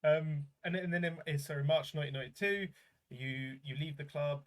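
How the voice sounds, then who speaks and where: A man's voice: a little high, fairly quick. A man hosting a podcast, asking his guest long questions with some hedging. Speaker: podcast host. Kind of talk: interview questions.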